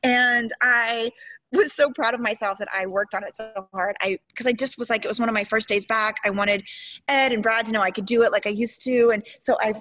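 A woman soap opera actress in her forties, telling stories in an interview in a chatty, emotional, animated way. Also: on the high side, fairly quick, rough recording.

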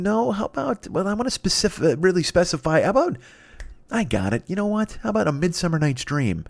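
This man in his fifties hosts a podcast, and his voice sits on the high side. Recorded at studio quality with no echo, he launches into a rambling, profane comedic rant, acting out silly voices along the way.

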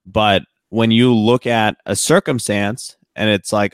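A man's voice: lowish voice, unhurried, hardly any pauses, clean tone, no echo, clean studio sound. A man co-hosting a podcast in casual chat, talking in a reflective, earnest way with frequent "you know" fillers. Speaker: podcast co-host.

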